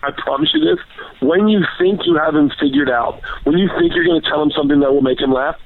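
A man telling stories in casual chat as a podcast guest, rambling, excitable and full of swearing. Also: on the high side, fast, dry recording. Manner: profane, rambling, excitable storytelling. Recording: tinny phone-line sound.

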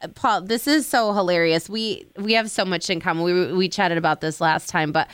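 Sicilian-american woman hosting a chat, smooth clear voice, close dry sound, laughs at herself. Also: lowish voice, a little fast, a bit bright, no echo. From Sicilian-American family. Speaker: podcast host. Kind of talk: casual interview chat.

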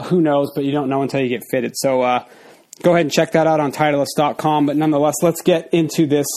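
A fairly high, slightly mellow voice belongs to a man in his forties hosting a laid-back solo podcast. A little out of breath, he meanders with fillers and keeps restarting his thoughts.

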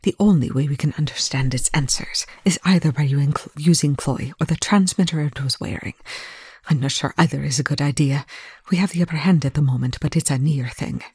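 A reader voicing an older male scientist who speaks low, hushed and clipped. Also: brisk, husky, no echo. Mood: curt. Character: older male scientist, cold, curt, arrogant.

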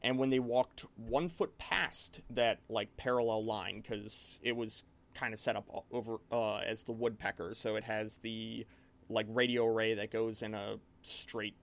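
In a casual chat, a man acting as game master recounts a spooky session, rambling and animated and restarting his sentences often. His voice is on the low side and his pace unhurried.

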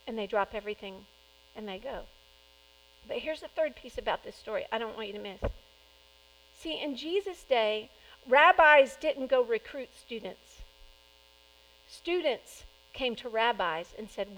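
A woman preaching a sermon in a lively, conversational way, acting out quoted lines. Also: fairly high pitch, measured pace, rough recording.

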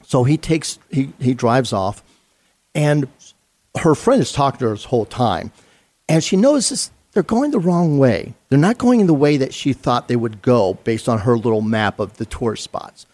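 A man's voice: medium pitch, lively intonation, normal speed, a little mellow. A middle-aged man, a retired police sergeant, telling a story in an interview in an earnest, conversational way with fillers and restarts.

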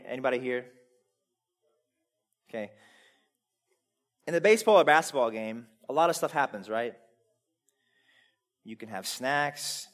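Preaching a sermon in a relaxed, conversational style, a man with a fairly high voice poses rhetorical questions to the congregation. He alternates between loud emphasis and quiet asides.

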